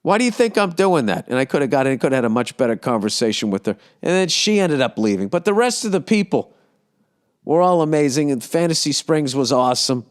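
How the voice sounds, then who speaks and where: A man in his fifties with a Boston accent, a comedian casually ranting on his podcast, profane and animated. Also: mid-range voice, fairly quick, clear, resonant tone. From United States. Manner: profane, animated, acts out yells and impressions. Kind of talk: casual rambling monologue.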